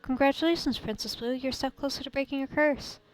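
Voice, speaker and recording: A woman voicing a tired, gentle young man who teases softly in a visual novel game. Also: sits high, fast talker, soft background music, voice pushed up, natural voice, low-quality recording. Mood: gentle teasing.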